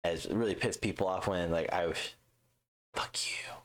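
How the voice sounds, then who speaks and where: Very deep-voiced profane man ranting. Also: a little fast. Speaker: podcast co-host. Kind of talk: casual chat.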